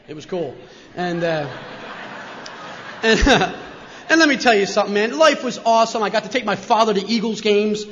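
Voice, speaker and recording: A middle-aged man with a New Jersey accent speaks to a crowd in a high, animated voice, peppering his talk with "man." The sound is muffled and carries a long reverb from the hall. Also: slight background noise. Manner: animated, says "man" constantly, repeats "and". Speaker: speaker sharing his recovery story. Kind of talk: personal story talk to an audience. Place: large meeting hall with an audience.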